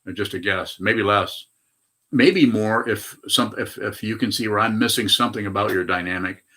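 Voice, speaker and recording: Older man giving a bright dharma talk. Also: lowish voice, moderate pace. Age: 80s. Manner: rambling, frequent hesitations and self-corrections. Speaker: Buddhist meditation teacher. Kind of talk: dharma talk answering questions.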